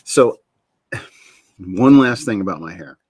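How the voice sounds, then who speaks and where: A man's voice: on the low side, lively intonation, slow, a little mellow, slightly rough, dry recording. A middle-aged man hosting a casual chat show, rambling and interrupting himself, often laughing at himself. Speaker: show host.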